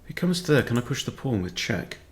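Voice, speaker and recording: A man's voice: medium pitch, very animated, fast talker. A man who coaches chess, thinking aloud and muttering his moves as he plays a live game at his computer.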